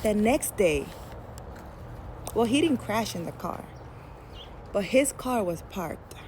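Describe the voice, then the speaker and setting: Woman, casual storytelling, candid, dark mellow tone, faint background hiss. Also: medium pitch, expressive, takes it slowly. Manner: chatty, candid, laughs at own story. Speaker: spiritual storyteller.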